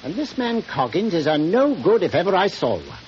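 A blunt, gruff sea captain. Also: male voice, high voice, very animated, fairly quick. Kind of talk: 1940s radio acting. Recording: dull old radio recording with hiss.

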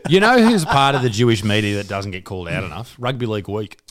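A man's voice: lowish voice, expressive, quick pace, no echo, clean studio sound. A young man co-hosting a podcast, chatting casually with crude, swearing, jokey banter. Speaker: podcast co-host. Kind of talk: casual chat.

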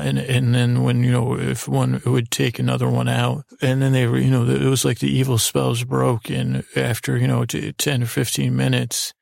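A man's voice: mid-range voice, gravelly, no room sound, clean studio sound. A man telling a rambling, improvised sleep story, meandering and hesitant, with many restarts. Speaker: podcast host.

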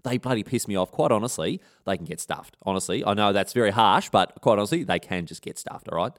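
An eager male soldier sidekick, voiced by a man, gushing and agreeing in slang. He talks quickly, with a lively pitch and a lowish voice. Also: close to an everyday voice.

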